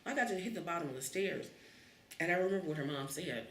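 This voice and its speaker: A woman's voice: lowish voice, fairly quick, slight background noise. A woman in her fifties from Cleveland, telling stories from her childhood in an oral history interview and acting out the voices in them. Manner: animated, acts out the voices in her story. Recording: roomy, distant mic.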